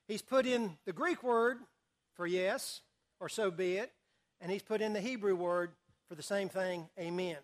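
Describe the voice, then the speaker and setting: A man teaching a Bible study, reading scripture aloud and quizzing his listeners with questions. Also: high-pitched. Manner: asks the audience questions and reads scripture aloud. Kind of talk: sermon-style Bible study.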